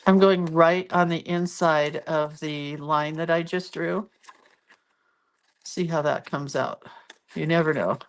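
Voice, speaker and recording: Low-voiced congested woman crafting. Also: steady tone, slow. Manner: chatty, self-deprecating, talks while working. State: congested, sniffling. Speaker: craft video host. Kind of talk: casual crafting demo.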